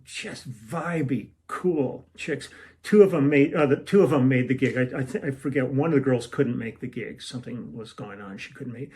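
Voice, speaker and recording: An older man with a mid-range, slightly dark voice tells a long tour story from his days as a musician, chatting casually at home in a room with a shelf. He rambles and meanders, acting out the lines other people said.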